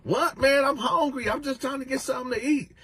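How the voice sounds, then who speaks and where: A man's voice: very high-pitched, fairly quick, a bit bright, voice pushed up. A man voicing a whiny, pleading young male prison inmate. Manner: whiny, complaining.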